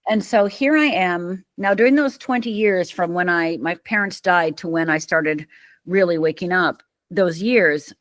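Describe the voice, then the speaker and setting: A woman's voice: lowish voice, unhurried, no echo. A middle-aged woman from Upper Michigan, a podcast guest telling her story emphatically and acting out the voices in it. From Upper Michigan, USA. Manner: vivid, emphatic storyteller who acts out quoted lines. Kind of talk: storytelling in an interview.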